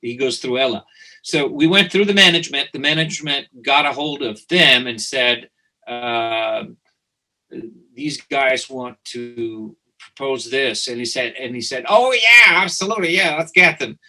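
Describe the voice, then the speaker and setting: Animated man, bright voice. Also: mid-range voice, measured pace, rough recording. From Italy. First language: Italian. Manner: animated, repeats words and restarts often. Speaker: guest, company founder. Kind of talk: casual interview storytelling.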